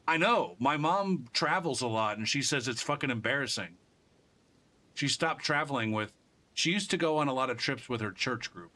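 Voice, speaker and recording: Guy streaming a game, rambly and sweary, bright tense voice, middle pitch. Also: lively intonation, normal speed. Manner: rambling and profane, with frequent restarts. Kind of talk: casual live-stream chat.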